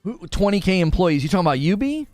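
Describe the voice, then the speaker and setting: Animated male streamer with dry close mic. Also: high-pitched, quick pace, no room sound, soft background music. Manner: animated, argues both sides, reads chat aloud. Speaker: livestream host. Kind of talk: casual live stream commentary.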